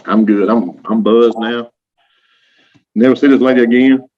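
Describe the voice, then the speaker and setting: A man's voice: medium pitch, fairly even intonation, normal speed, a little hiss or hum. A man from Louisiana with a Southern accent, chatting as an interview guest and acting out what people said, laughing often. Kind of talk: casual storytelling. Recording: dull lo-fi audio.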